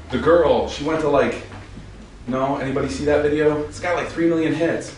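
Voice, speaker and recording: A man's voice: mid-range voice, normal speed, long pauses, background noise. Wry American man, echoey distant recording. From United States. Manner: wry, sarcastic, chatty. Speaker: performing poet. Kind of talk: live spoken-word reading with joking banter. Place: gallery room. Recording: roomy and distant live recording.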